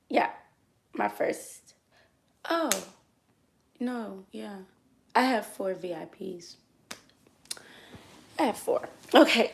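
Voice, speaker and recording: A young adult woman, a dancer, telling a story in casual chat, colloquial and dropping into soft asides. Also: mid-range voice, vocal fry.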